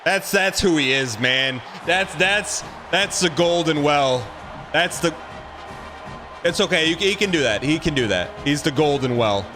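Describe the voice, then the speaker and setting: A man streaming a football video game, giving excitable running commentary and repeating phrases as he plays. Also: a little high, a little slow, over music. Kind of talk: live gameplay commentary.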